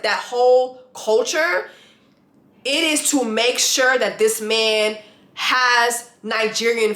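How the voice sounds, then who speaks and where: A woman vlogging a blunt, animated rant with free swearing, reviewing a reality show. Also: a little high, roomy sound. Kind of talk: casual opinionated vlog rant. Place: lives in Atlanta.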